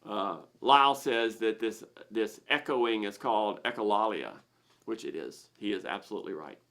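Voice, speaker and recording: A man's voice: fairly low pitch, normal speed, fairly bright tone. Man explaining with frequent restarts. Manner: plain, explanatory, with frequent restarts and repeated words. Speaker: host of a misophonia Q&A. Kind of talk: live-stream Q&A, explaining.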